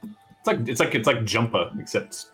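Animated, incredulous tabletop player. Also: mid-range voice, moderate pace, soft background music. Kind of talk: casual tabletop play.

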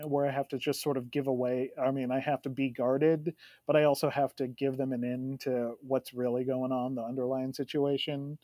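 A young man co-hosting a podcast, telling stories in an animated, laughing way. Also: mid-range voice, no room sound, studio quality. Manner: animated, storytelling with frequent laughs. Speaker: podcast co-host. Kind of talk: casual chat.

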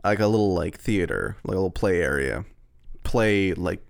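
A man co-hosting a podcast in casual chat, telling stories with lively energy, swearing freely and acting out the people in them. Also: low voice, normal speed, vocal fry. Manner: animated storyteller who swears freely and acts out the people in his stories. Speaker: podcast co-host.

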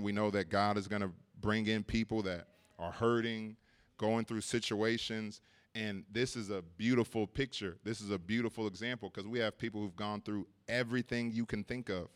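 A man's voice: fairly low pitch, steady tone, moderate pace, clear, resonant tone. A man preaching at a church service, telling a personal story in a casual way, laughing often and repeating words as he goes.

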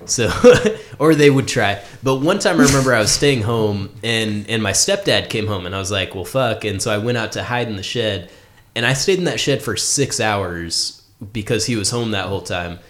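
A man's voice: lowish voice, moderate pace, a bit bright, slight background noise. A laid-back man in a casual group chat, swearing and cracking dry jokes.

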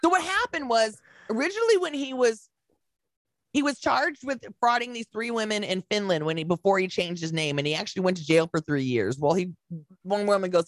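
Animated woman retelling a story. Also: medium pitch, fairly quick, no room sound. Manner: animated storyteller acting out quotes, swears freely. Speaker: podcast co-host. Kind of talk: casual chat.

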